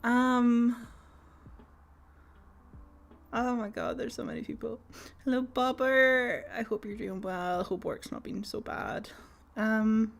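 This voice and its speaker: A woman's voice: mid-range voice, creaky. A woman chatting casually with her viewers on a game live stream, giggly and rambling with lots of ums.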